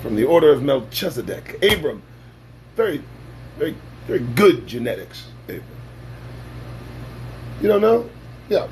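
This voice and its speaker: Male talk host: animated, sarcastic sermon-like rant, speaks slowly with big pitch swings. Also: a little hiss or hum. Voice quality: animated, swings from loud bursts to low asides. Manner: preachy, sarcastic, swears freely. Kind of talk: profane freewheeling monologue.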